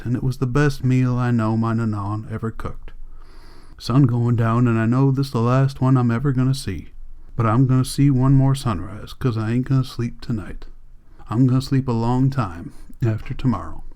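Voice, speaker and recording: A man reading a novel aloud as an audiobook, in a soft, subdued first-person diary voice. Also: mid-range voice. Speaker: audiobook reader.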